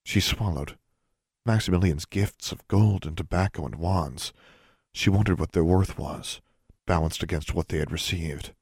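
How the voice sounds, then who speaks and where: A man narrating a story in a steady, measured way. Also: deep voice, creaky, breathy edge, dry recording, studio quality. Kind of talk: audiobook narration.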